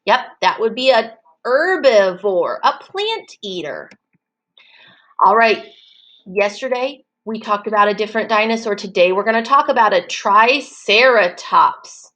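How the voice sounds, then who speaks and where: Slow sing-song preschool teacher, woman. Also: fairly high pitch, lively intonation, fairly bright tone, poor audio. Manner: slow, sing-song and encouraging, drawing words out to clap syllables. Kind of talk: online circle time lesson for young children.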